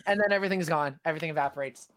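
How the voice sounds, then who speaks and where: A man's voice: fairly high pitch, rapid-fire, a bit bright, no room sound. A man with a New Jersey accent, a musician guest in a casual chat, hyped and repeating catchphrases.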